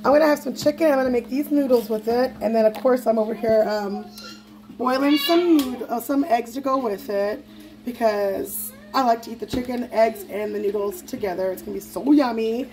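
A woman's voice: on the high side, moderate pace, background noise. A woman, a mother of six vlogging casually from her home kitchen at night, chatty and rambling. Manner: chatty, rambling, loses track. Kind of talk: casual vlog chat.

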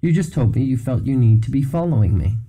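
A man's voice: mid-range voice, animated, quick pace, mellow, lightly acted. A man reading aloud and voicing a cheerful, cryptic old man who talks in a gleeful, playful way. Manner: gleeful, chuckling.

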